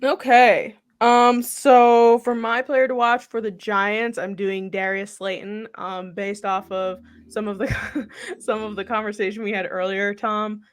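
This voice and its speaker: Woman cohost on a podcast, says like a lot, mid pitch voice, chatty. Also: little pitch movement, unhurried, clean tone. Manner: fills with "like", nervous-sounding. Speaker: podcast co-host. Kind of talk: casual podcast chat.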